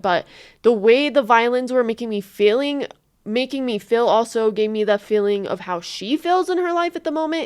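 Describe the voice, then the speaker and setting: A woman from the United States giving casual reaction commentary, expressive and thinking aloud, swearing freely. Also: a little high, clear, resonant tone, dry recording, studio quality. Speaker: reaction streamer.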